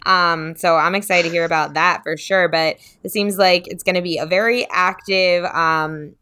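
A woman's voice: lowish voice, fairly even intonation, moderate pace, bright, forceful tone, a little hiss or hum. A woman co-hosting a podcast in casual chat, bubbly and laughing often. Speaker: podcast co-host.

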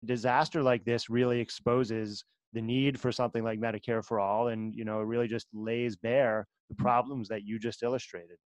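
A man from the United States hosts a casual podcast chat, mostly backing up his guest with short, agreeable replies. His voice sits at an ordinary middle pitch. The recording is dry and close. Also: little pitch movement, moderate pace, few pauses, no room sound, rough recording. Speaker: podcast host.

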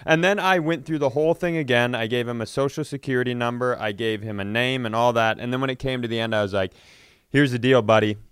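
A man's voice: mid-range voice, fast talker, hardly any pauses, a bit bright, clear, resonant tone, no room sound, studio quality. A man hosting a comedy podcast, telling a story casually and acting out the phone voices with laughs along the way.

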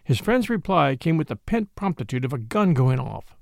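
A man narrating a mystery story aloud in a measured, expressive storytelling manner. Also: a little high, gravelly, no room sound, studio quality. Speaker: audiobook narrator. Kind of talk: dramatic audiobook reading.

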